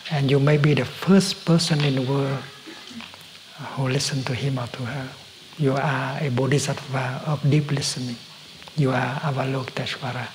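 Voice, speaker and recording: Man, meditation teacher, calm dharma talk, halting pauses, soft near-whispers, faint hiss behind. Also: medium pitch, poor audio. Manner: slow, gentle, halting with many pauses and soft whispered stretches.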